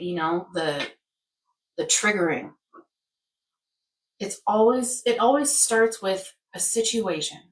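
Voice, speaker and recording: A woman's voice: lowish voice, recorded from a distance. A woman in casual wellness chat who rambles and acts out everyday scenarios. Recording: echoey room, off-mic.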